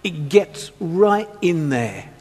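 A man's voice: fairly high pitch, sing-song, slow, a little mellow, husky, long reverb tail. A man preaching a sermon, mixing scripture with humorous childhood stories. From England, Black Country.

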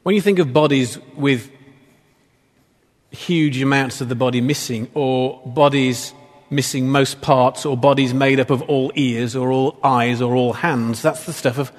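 A man's voice: mid-range voice, steady tone, measured pace. A man preaching a sermon in a conversational, playful way, with asides and jokes to the congregation. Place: church hall. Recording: long reverb of a church hall.

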